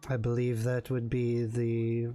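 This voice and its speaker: A cagey male informant who hedges and stumbles over his words, voiced by a man running a tabletop game. He speaks at a middling pitch and sounds close to his own everyday voice. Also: completely flat delivery, a little slow, warm tone, soft background music, close to an everyday voice. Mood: confiding. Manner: hesitant, stumbling, confiding.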